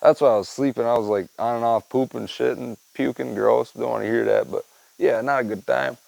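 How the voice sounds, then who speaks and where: A man's voice: mid-range voice, steady tone, a little fast, gravelly, darkish tone, no echo, rough recording. A man hosting a podcast, chatting casually in a rambling, profane, laid-back way and tacking "man" and "dude" onto his sentences. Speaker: podcast host. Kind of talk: casual storytelling chat.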